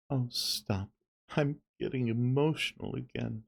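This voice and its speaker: Low-voiced man chatting through a game. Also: expressive, measured pace, long pauses. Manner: chatty, amused, thinks aloud. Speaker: streamer. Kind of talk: game commentary.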